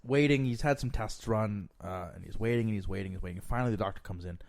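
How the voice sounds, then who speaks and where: A man, a guest in a casual chat, telling jokes in a relaxed, playful way. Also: on the low side, fast talker.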